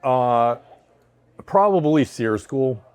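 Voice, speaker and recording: A man being interviewed as a guest, answering in a measured way and repeating words while he thinks. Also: mid-range voice, lively intonation, a little mellow, smooth, no echo. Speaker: guest, security company founder.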